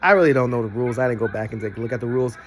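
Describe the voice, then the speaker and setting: A young adult man, giving casual reaction commentary that swings from low grumbles to excited bursts. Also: racing, crowd noise. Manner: animated, jumps between low grumbles and high excited bursts. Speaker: vlogger reacting to a broadcast.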